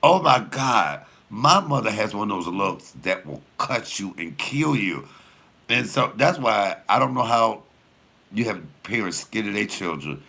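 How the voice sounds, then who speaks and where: A man in his fifties, a comedian, telling a rowdy story in an animated way, acting out the quotes and swearing freely. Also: on the low side, unhurried, vocal fry, breathy edge. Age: 50s. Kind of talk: storytelling during a cooking chat.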